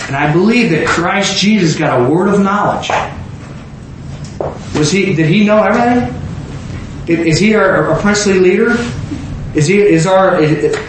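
A man preaching a sermon as pastor, talking with the congregation and acting out scenes with sudden shouts. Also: sits high, moderate pace. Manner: animated, acts out biblical scenes with shouts. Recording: echoey room with faint noise.

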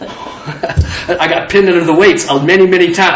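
A man's voice: sits high, moderate pace, pauses often, a little hiss or hum. A man preaching an informal sermon, talking conversationally and acting out both sides of little dialogues. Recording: distant roomy hall, dull lo-fi sound.

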